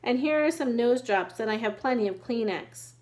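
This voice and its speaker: A woman voicing a tiny, polite mouse boy who is earnest and caring, in a bright, raised voice. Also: on the high side, lively intonation, normal speed, lightly acted.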